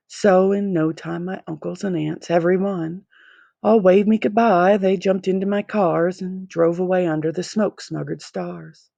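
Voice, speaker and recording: A woman reading a children's picture book aloud in an expressive, rhythmic way. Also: lowish voice, moderate pace, gravelly, no room sound, dull audio. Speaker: storybook reader.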